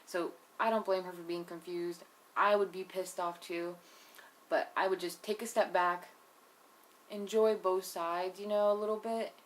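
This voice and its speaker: A woman's voice: mid-range voice, slight background noise. A young woman giving a casual, opinionated recap of a reality show episode, profane and full of "like" and "you know". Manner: blunt, opinionated asides. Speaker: TV episode reviewer.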